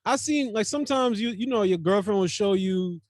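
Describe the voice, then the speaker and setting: High-voiced man in casual podcast banter. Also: brisk, no room sound, studio quality. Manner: profane, laughing, loose slang. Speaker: podcast host.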